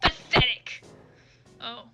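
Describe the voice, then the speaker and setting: Woman putting on a cranky old man, barking insults, bright timbre, faint music behind. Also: slow. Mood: scornful.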